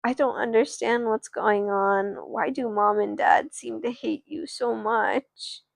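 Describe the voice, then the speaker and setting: A woman's voice: fairly high pitch, steady tone, slow pace, vocal fry, dry recording, clean studio sound. A woman voicing an upset young girl who pleads with her mother and questions her big sister, in a doll-play story. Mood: tearful.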